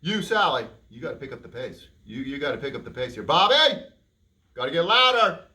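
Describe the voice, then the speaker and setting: A high, bright man's voice that leaps all over the place as he reads to kids. He plays it up big, bantering with a puppet and the children, joking and teasing as he goes. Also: very animated, brisk. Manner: playful, hammy, talks to a puppet and the kids. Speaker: library storyteller. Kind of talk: reading a picture book aloud to children.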